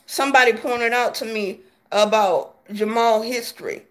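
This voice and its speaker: A woman's voice: on the high side, normal speed, a bit bright. A woman vlogger giving sassy, laughing gossip commentary, calling viewers honey and baby.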